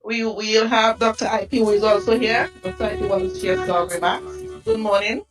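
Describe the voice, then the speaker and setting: A woman's voice: medium pitch, steady tone, normal speed, music in the background. A woman reporter conducting a street interview with brief, prompting questions. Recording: voice from some distance off the mic.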